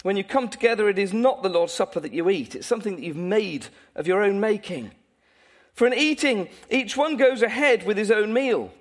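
Animated, high-voiced preacher. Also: male voice, fairly quick. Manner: animated, playful, laughs often. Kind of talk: sermon.

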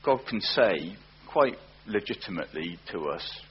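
A man preaching a sermon, earnest, often slowing down and repeating words for emphasis. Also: fairly low pitch, breathy edge. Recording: dull lo-fi recording with faint hum.

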